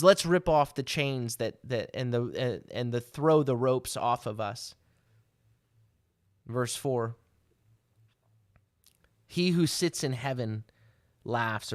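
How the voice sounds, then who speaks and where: Rabbi guy teaching a devotional, mid pitch, keeps saying "right?", dry close sound. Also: no echo. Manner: explains verses with frequent "right?" and restarts, rising to emphatic exhortation. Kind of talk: sermon teaching.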